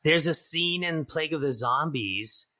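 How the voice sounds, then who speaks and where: Bright-voiced male podcast host. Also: a little high, animated, a little slow. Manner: easygoing, short backchannel replies and laughs. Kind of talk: casual chat.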